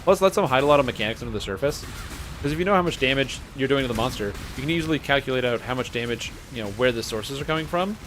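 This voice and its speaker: A man's voice: medium pitch, animated, rapid-fire, a bit bright, a little hiss or hum. A man in his twenties streaming a game, rambling casually, swearing and chatting to his viewers. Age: 20s. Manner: rambling, swearing, talks to himself and chat. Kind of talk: casual gaming commentary. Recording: music playing behind.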